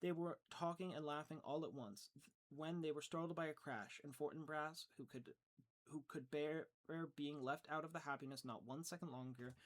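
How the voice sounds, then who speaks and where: A man narrating an audiobook earnestly, stumbling and restarting now and then. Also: mid-range voice. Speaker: audiobook reader.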